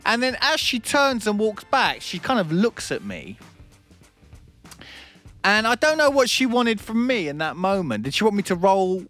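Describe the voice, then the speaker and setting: A man hosting a comedy radio show spins a cafe anecdote in animated, bantering chat. His pitch rises and falls widely, and he laughs often. Faint music plays under the talk. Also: normal speed. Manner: animated storytelling, frequent laughs.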